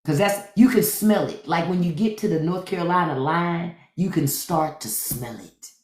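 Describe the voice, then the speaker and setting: A man's voice: a little high, normal speed, roomy sound. A man from Washington, D.C., a podcast host, riffing and swearing freely in casual livestream chat. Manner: animated, profane riffing.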